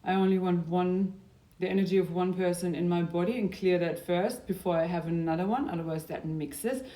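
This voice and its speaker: A young adult woman talking in a casual, rambling video diary. Her loudness drifts from sudden bursts down to near-whispers. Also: on the low side, steady tone, fairly quick. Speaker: diary vlogger.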